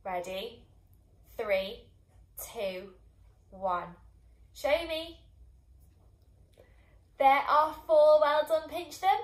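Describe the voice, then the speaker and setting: A woman teaching young children phonics, sounding out each sound slowly and clearly and encouraging them. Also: a little high, big pitch swings, reverberant. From England. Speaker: primary school teacher.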